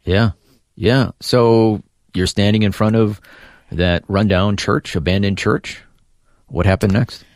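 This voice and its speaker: A male interviewer with a very deep, low voice asks brief, attentive questions. His voice is recorded dry and close, with no room sound. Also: takes it slowly, darkish tone, dry recording. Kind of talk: interview prompts and back-channel replies.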